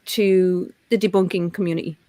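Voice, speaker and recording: A woman's voice: fairly low pitch, fairly even intonation, normal speed, dark tone, a little hiss or hum. A woman with a Dublin Irish accent hosting a casual chat, asking curious questions. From Ireland. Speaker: host.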